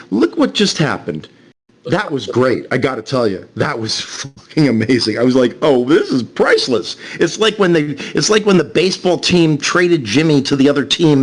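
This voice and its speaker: A man ranting scornfully over a voice call, repeating himself as he goes on. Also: mid-range voice. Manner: animated, repetitive, scornful rant. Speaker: streamer on a voice call.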